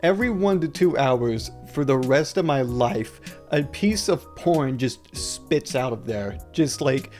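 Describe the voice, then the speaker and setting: A man's voice: mid-range voice, animated, a little slow, darkish tone, soft background music. A young man narrating a conversational video essay, sarcastic and exasperated, ranting with frequent asides.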